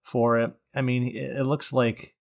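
A man in a casual gaming chat, animated and sarcastic, swearing freely as he rants. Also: medium pitch, measured pace, vocal fry.

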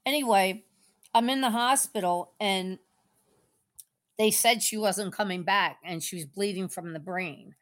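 A woman's voice: mid-range voice, measured pace. A middle-aged woman on a call-in faith program, telling a personal story in a rambling, tender, meandering way. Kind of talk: casual emotional storytelling.

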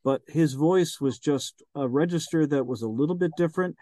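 A man's voice: a little high, normal speed, mellow, dry recording. A man who narrates audiobooks, chatting as an interview guest in a rambling, hesitant way with lots of fillers. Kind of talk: casual interview chat.

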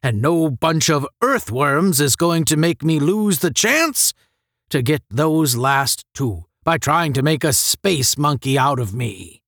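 A gruff veteran male space sergeant, put on by a man reading a storybook, drawls his lines slowly and then roars commands with wide swings in pitch. The sound is close and dry. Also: expressive, a bit bright, no room sound, heavily acted. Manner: barking, drill-sergeant commands.

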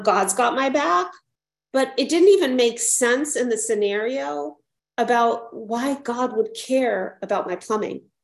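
Woman speaker at a support meeting; unhurried, reflective personal share; mid pitch; echoey room. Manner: reflective, repeats phrases, frequent "right?".

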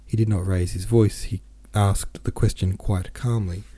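A man reading a classic novel aloud as narrator in a measured, deliberate way. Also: fairly low pitch, fairly even intonation, mellow, husky. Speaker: audiobook narrator, podcast host.

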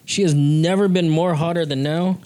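A man's voice: on the high side, fairly even intonation, moderate pace, mellow, smooth. A man co-hosting a casual podcast chat, blunt and profane, pushing his opinions hard. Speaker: podcast co-host.

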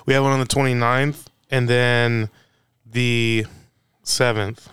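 A man hosting a casual sports talk show, easygoing and quick to laugh. His voice comes through crisp and very clear. The sound is dry and close, with no room echo. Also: mid-range voice, flat delivery, fairly bright tone. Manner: laid-back, laughs often, steers the talk. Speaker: podcast host. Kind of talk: casual sports podcast chat.

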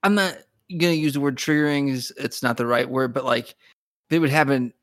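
A man's voice: mid-range voice, a little fast, a bit bright, dry recording, clean studio sound. Hesitant, thoughtful man in casual talk. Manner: thoughtful, hesitant, restarts while searching for words. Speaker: podcast co-host. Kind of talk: casual discussion.

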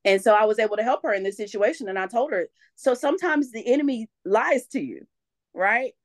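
A young adult woman, a podcast guest telling lively faith stories in casual conversation and acting out what people said. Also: fairly high pitch, brisk. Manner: animated storyteller, acts out quotes.

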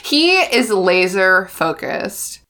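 Bright-sounding woman cohosting a chatty podcast, laughs a lot, animated. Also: mid-range voice, drawn-out words. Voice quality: laughs often, animated storytelling. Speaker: podcast co-host. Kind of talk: casual chat.

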